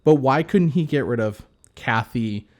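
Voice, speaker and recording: A man co-hosts a podcast in unhurried, animated speech at medium pitch. The conversation is casual and meandering, with frequent fillers and restarts.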